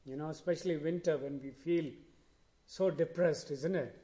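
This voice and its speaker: A man preaching a sermon in a slow, deliberate way, lifting his voice when he quotes scripture. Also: on the high side, warm tone.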